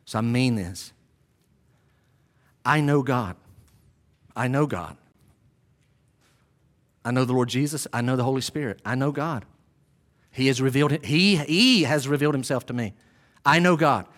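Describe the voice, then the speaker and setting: A man's voice: mid-range voice, measured pace, pauses often, a bit bright. A man preaching a sermon who speaks to the congregation directly and hammers home key phrases by repeating them. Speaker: pastor.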